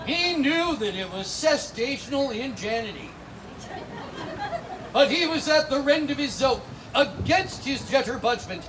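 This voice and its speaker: Guy doing comedy storytelling at a fair, really high voice, loud crowd and noise around. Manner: rowdy, bantering with the audience. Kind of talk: live comedic storytelling with spoonerisms. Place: outdoor stage at a fair. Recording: live outdoor show with crowd noise.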